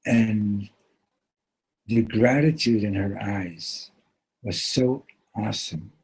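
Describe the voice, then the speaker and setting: A man at a yeshiva gathering retelling a Hasidic story in a heartfelt, animated way, mixing in Yiddish and Hebrew words. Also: fairly low pitch, slow, breathy edge, rough recording.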